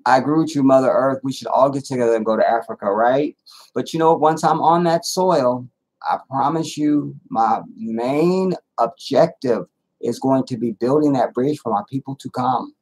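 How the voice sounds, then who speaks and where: A man's voice: mid-range voice, normal speed, slightly rough. A man hosting a casual livestream, reading chat comments aloud and talking back bluntly with plenty of profanity. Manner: blunt, profane, animated storytelling. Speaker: livestream host.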